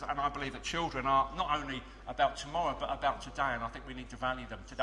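A man's voice: fairly high pitch, pushed and bright. A man leading a church children's club and speaking earnestly to a congregation, with fillers and restarts. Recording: long reverb of a big hall.

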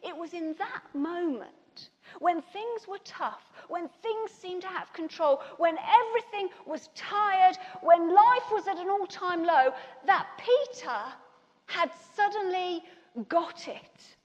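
A woman preaching a sermon, telling a personal story with animated, acted-out dialogue. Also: very high-pitched, takes it slowly. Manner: animated storytelling, acting out others' lines. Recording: long reverb in a large hall.

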